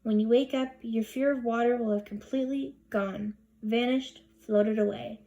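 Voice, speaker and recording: Husky slow hypnotist lady, low and soothing, a woman reading it. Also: fairly even intonation, dark tone, lo-fi sound, close to an everyday voice.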